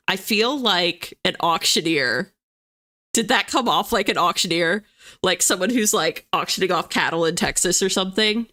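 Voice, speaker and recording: A woman's voice: lowish voice, normal speed, pushed and bright. A young woman hosting a writing livestream, chatting in a bubbly way and reading viewers' messages aloud. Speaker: livestream host of writing sprints. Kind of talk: casual chat to live viewers.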